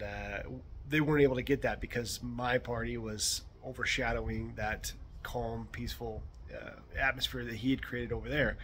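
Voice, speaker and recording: A man of middle pitch tells a personal story straight to the camera, casual and animated, lifting his voice for the quoted lines. He is outdoors, and a faint hiss of ambient noise sits under him. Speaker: realtor telling a personal story.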